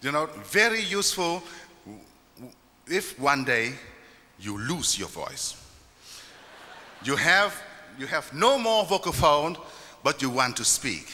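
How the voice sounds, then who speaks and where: A man's voice: fairly high pitch, very animated, takes it slowly, long pauses, bright, forceful tone, big-room sound. A man with a Vietnamese accent, a folk musician explaining his instruments to a live audience in simple, friendly English.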